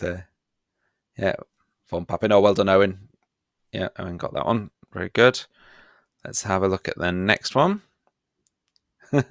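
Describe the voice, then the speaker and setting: A man's voice: low-pitched, creaky, dry recording, clean studio sound. A man teaching a live online history revision session, playful and self-mocking as he runs a quiz.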